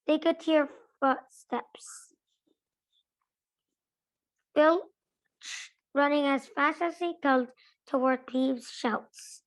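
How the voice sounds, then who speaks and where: Slow high-voiced woman reading aloud. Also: low-quality recording. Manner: careful, steady read-aloud with small self-corrections. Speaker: reader.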